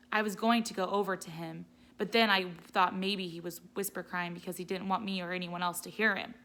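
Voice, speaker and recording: A woman teacher gently reading a children's novel aloud. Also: fairly low pitch. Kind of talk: read-aloud storytelling.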